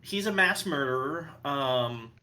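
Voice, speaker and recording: A man's voice: medium pitch, animated, slow, crowd noise. A man playing a tabletop game, speaking brashly and joking in character. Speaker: player. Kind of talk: tabletop role-play.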